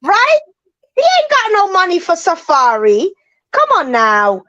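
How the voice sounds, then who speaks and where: Animated high-voiced woman gossiping. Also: a little slow, no room sound, dull audio. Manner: animated, emphatic, repeats phrases for effect. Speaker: reality show review co-host. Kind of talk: casual gossip chat.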